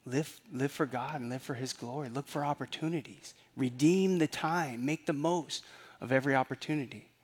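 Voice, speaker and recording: A man preaching a sermon in a relaxed, conversational tone. He keeps circling back to key phrases and tosses rhetorical questions at the congregation. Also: mid-range voice, normal speed, slightly rough. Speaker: pastor.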